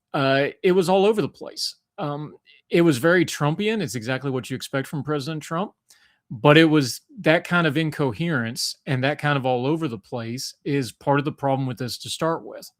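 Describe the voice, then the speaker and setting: A man's voice: medium pitch, dry recording. A man from the United States giving blunt, opinionated live-stream commentary, with frequent fillers and restarts. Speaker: political commentator.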